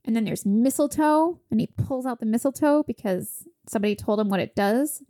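A woman's voice: fairly high pitch, fairly quick, warm tone. A woman in casual chat, animatedly retelling a movie's plot and acting out the characters' lines.

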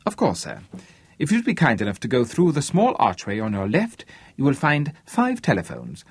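A man's voice: medium pitch, huge pitch swings, moderate pace, slightly rough, no room sound, voice pushed up, exaggerated voice. A man voicing a polite, formal hotel receptionist. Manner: courteous, formal.

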